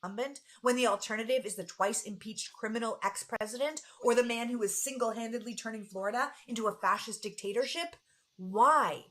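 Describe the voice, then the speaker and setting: A woman's voice: on the high side, fairly quick, fairly bright tone. A woman delivering a scripted political video monologue, earnest and full of rhetorical questions. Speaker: political commentator.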